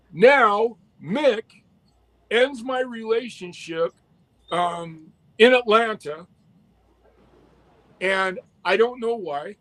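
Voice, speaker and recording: High-voiced man telling a profane story. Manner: profane, animated retelling with quoted dialogue. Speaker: interview guest. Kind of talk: storytelling in a shoot interview.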